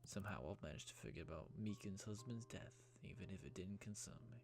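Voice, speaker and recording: A man voicing a troubled, guilt-ridden ex-lawyer in a game, talking low and half-whispered. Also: fast talker, vocal fry. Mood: brooding, hushed.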